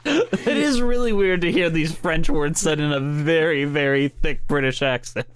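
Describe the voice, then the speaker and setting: A man's voice: a little high, normal speed, clean tone. Upbeat man co-hosting a podcast. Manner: enthusiastic, swears casually. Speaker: podcast co-host. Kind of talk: casual chat about musicals.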